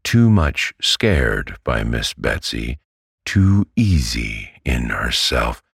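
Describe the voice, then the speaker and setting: A man with an extremely deep, gravelly, husky voice reads a classic novel as a bedtime story. He speaks slowly and evenly, and the close, dry recording has no room sound. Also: sing-song, fairly bright tone, dry recording. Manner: slow, measured, soothing delivery. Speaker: audiobook reader.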